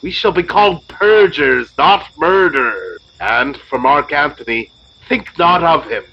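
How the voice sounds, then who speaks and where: A man playing a slow, brooding Roman conspirator. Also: medium pitch, lively intonation, slightly rough. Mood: grave. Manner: slow, deliberate. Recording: dull lo-fi sound.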